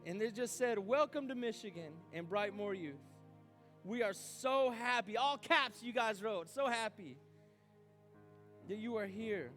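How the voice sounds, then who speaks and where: A man preaching a youth sermon as youth pastor, animated, acting out his own doubts aloud. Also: sits high, normal speed, soft background music.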